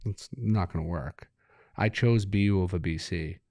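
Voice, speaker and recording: A man's voice: deep voice, moderate pace, dark tone, dry recording, clean studio sound. A man, a hockey coach talking in an interview, laid-back and rambling, laughing as he tells stories. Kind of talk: relaxed interview talk.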